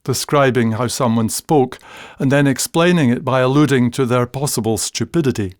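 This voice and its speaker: An older man from Scotland reading a fond memoir about family dialect in an unhurried storytelling way. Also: medium pitch, no room sound, clean studio sound. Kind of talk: scripted memoir narration.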